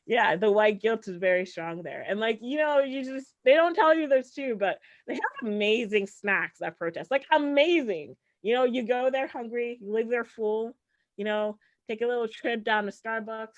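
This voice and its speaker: Woman, stand-up comedian, high voice, sarcastic, chatty, muffled recording. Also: fairly bright tone. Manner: sarcastic, conversational, peppered with "like" and "right?". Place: comedy show stage. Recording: dull, muffled sound.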